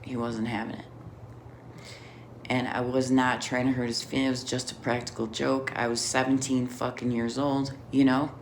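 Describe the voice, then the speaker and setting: A woman's voice: very deep voice, level tone, moderate pace, slight background noise. A middle-aged woman telling a rambling personal story in a casual, profane way, laughing often. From Chicago area.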